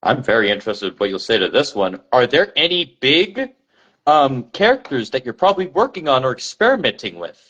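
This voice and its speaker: A man's voice: mid-range voice, big pitch swings, brisk, fairly bright tone, lo-fi sound. A man hosting an interview, asking polite, scripted-sounding questions. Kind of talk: podcast interview.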